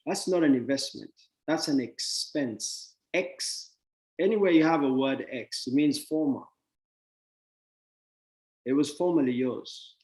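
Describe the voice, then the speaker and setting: A man's voice: fairly high pitch, measured pace, long pauses, darkish tone. A man delivers a motivational talk in a somewhat raised voice, teasing his listeners with wordplay and chuckles before turning blunt. The room around him rings with echo. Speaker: speaker giving a money talk.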